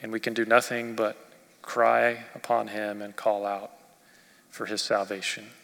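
A male pastor preaching a sermon expressively, rising in force and dropping to near quiet. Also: on the low side, monotone, a little slow, vocal fry. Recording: long reverb of a church hall.

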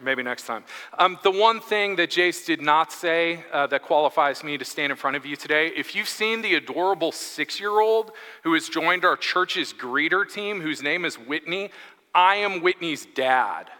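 A man's voice: on the high side, animated, moderate pace, pushed and bright. A man, telling a funny story as a chatty, self-deprecating guest preacher during a church sermon. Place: church sanctuary. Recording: echoey church hall.

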